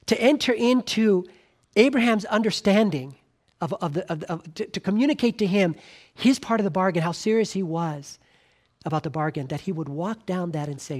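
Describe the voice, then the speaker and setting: A man preaching a sermon in an earnest way, rising to emphatic lines and dropping to quiet, soft appeals, with frequent restarts. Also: high-pitched, normal speed.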